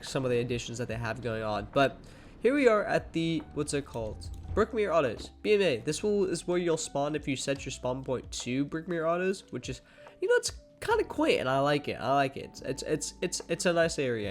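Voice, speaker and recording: A young man hosting a gaming channel, giving casual, rambling commentary full of fillers and restarts while sounding a little sleepy. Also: a little high. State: sleepy, yawning.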